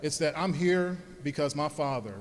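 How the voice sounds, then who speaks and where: A man's voice: fairly high pitch, normal speed. Earnest man telling stories in a hall. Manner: earnest, storytelling, grows soft when thanking his parents. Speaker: alumni speaker. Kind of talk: heartfelt speech with personal stories. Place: large hall at an alumni event. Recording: long hall reverb.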